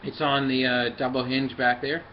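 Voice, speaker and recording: Halting man demonstrating a toy, muffled recording. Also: medium pitch, little pitch movement, slight background noise. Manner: halting, many fillers, talks while handling the toy. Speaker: toy reviewer. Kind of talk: casual hands-on review and demonstration.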